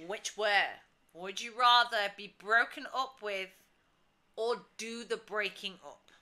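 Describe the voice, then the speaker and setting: A woman's voice: medium pitch, slow. A woman in her twenties, co-host of a casual podcast, telling a story animatedly and laughing often. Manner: animated, laughs often, acts out quotes loudly.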